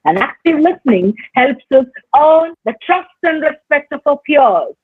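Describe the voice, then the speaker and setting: A woman teacher educator giving a recorded lecture on life skills, speaking in a measured way with deliberate pauses and stressed words. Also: high voice, very animated, no echo. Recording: dry, phone-like narrow sound.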